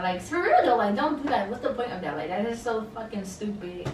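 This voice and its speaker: A woman's voice: fairly high pitch, lively intonation, fast talker, a little hiss or hum. Blunt, chatty young woman in a roomy space. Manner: chatty, blunt, opinionated, filler-heavy. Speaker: reality TV reviewer. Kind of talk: casual recap chat. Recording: roomy, mic at a distance, faint ambience.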